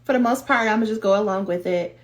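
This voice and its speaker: A woman's voice: mid-range voice, fast talker, lightly acted. Woman doing a little toddler, stubborn, bedtime, short demands. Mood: calm. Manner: demanding, plain short sentences.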